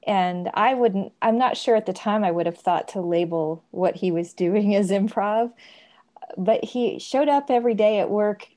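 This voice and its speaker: Mellow woman telling an amused story. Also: mid-range voice, normal speed. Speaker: audience member asking a question. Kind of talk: casual storytelling on a video call.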